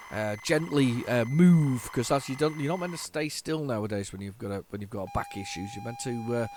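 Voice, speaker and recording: A man hosting a retro gaming channel, giving chatty, excitable gameplay commentary with jokey, self-mocking asides to his viewers. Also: medium pitch, noisy background. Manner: excitable, chatty, talks to viewers while playing.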